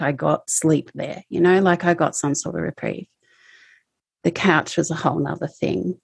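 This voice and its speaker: A woman recounting her personal experiences as an interview guest, speaking in a halting, emotional way. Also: low-pitched, creaky, darkish tone, breathy edge, no room sound. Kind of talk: personal testimony.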